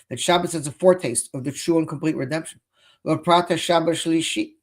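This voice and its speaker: A man's voice: on the high side, fairly even intonation, a little fast. Impassioned man giving a Torah lecture. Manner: impassioned, rising to near-shouting indignation; mixes Hebrew and Yiddish phrases into English. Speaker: rabbi teaching Chassidus.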